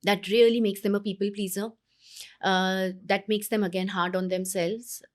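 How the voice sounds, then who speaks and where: A woman, a parenting coach speaking earnestly in an interview, pausing and restarting her thoughts. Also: mid-range voice, flat delivery. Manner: earnest, with many pauses and restarts. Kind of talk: conversational interview advice.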